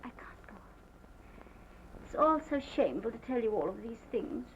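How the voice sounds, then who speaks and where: An actress playing a distraught young wife, retelling events in a halting, emotional way, in early talkie film acting. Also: female voice, fairly high pitch, sing-song, highs cut off, a little hiss or hum.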